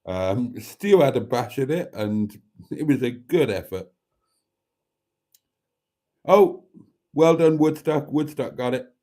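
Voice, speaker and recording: A man's voice: mid-range voice, lively intonation, measured pace, dark tone. A man hosting a live stream, chatting casually and rambling as he reads viewer comments aloud, with mild swearing. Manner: rambling, chatty, self-deprecating, swears mildly.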